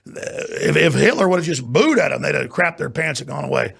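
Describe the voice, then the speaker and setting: A man's voice: fairly high pitch, expressive, brisk, vocal fry, fairly bright tone, slightly rough. A man hosting a talk show, ranting and mocking in an off-air political monologue from a studio.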